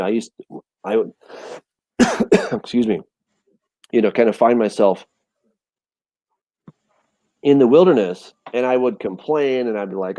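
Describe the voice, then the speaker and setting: Warm, dry-voiced man teaching. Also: mid-range voice, dry recording. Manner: animated storytelling, acts out voices and quotes; repeats words, many restarts. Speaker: teacher of a Bible study show. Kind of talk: casual Bible discussion.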